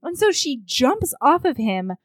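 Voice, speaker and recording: A woman co-hosting a casual chat, recapping a book in a blunt, crude and animated way. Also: high voice, measured pace, dry recording.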